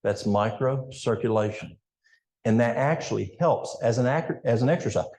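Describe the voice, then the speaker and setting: Man, older, Appalachian accent, folksy health educator, warm tone, echoey church. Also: medium pitch, normal speed. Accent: East Tennessee Appalachian. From East Tennessee. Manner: folksy, storytelling, addresses the audience directly. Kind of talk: health seminar talk in church.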